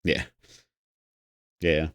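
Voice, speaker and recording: A man streaming a game, thinking aloud and rambling as he plays and chats with viewers. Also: very slow. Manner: reads chat aloud. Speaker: gaming streamer. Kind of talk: live game commentary.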